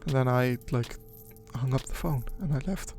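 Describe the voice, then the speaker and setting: A man's voice: mid-range voice, moderate pace, creaky, darkish tone. A young man giving casual, rambling, crude and jokey commentary over a game he is playing. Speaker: gaming commentator. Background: background music.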